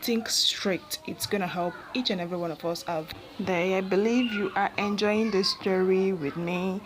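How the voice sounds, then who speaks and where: A woman's voice: mid-range voice, fairly even intonation, moderate pace, faint music behind, poor audio. A woman reading a romance story aloud and adding earnest, chatty comments to her viewers. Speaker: storyteller and vlogger.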